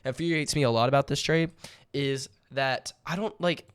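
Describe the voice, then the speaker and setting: A man's voice: medium pitch, moderate pace, clear, resonant tone. A young man with a lilt, talking casually through a trade recap with lots of fillers and repeated words. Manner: jokingly theatrical. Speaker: day trading channel host.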